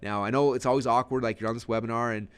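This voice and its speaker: A man coaching a sales webinar, his words tumbling out at a rapid clip. He speaks with energy, restarting sentences as ideas come to him, in a voice of ordinary pitch. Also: fairly even intonation, smooth. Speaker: online marketing coach. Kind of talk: webinar teaching.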